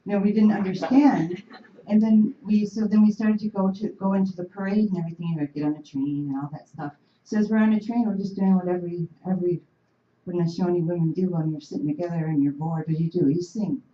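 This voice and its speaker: Low-voiced woman telling an animated story. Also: quick pace. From Oneida Nation. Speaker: panel speaker. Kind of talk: storytelling talk to an audience. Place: university meeting room. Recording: roomy, dull room recording.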